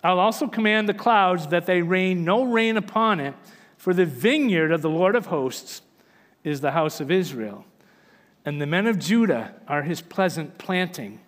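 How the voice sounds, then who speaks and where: A man with a notably high voice preaches in a church sanctuary, reading scripture and then unpacking it. His delivery is earnest and emphatic, rising and falling for stress. The sound carries a long, hall-like reverb. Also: expressive, a little slow. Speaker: pastor.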